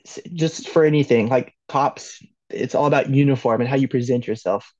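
A man's voice: mid-range voice, normal speed, a little mellow, dry recording, highs cut off. Joking, laughing man telling a story. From Los Angeles, California. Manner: laughs often, loose and joking, swears, many "like"s. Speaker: podcast guest. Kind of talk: casual storytelling.

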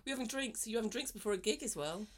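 A woman's voice: fairly high pitch, animated, very fast, heavy background noise. A woman, a comedian co-hosting a podcast, chatting casually in a self-deprecating way. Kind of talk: casual chat.

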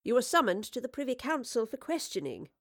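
Guarded professor, sharp questions, evasive, a woman voicing her. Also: fairly high pitch, very animated, a little fast, no echo, studio quality, pitched above the performer's own voice. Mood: probing. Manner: probing questions, hesitant when cornered.

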